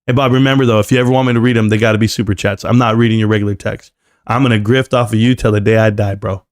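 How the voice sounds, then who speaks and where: A man's voice: lowish voice, fairly even intonation, very fast. A middle-aged man hosting a live stream from home, ranting in a casual way and talking straight to his chat.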